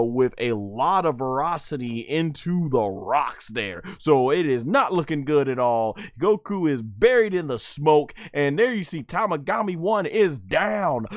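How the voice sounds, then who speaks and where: A man hosting an anime review podcast, excitedly recapping fight scenes play-by-play with sound effects and frequent laughter. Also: medium pitch, no echo, studio quality. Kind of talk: excited episode play-by-play on a livestream.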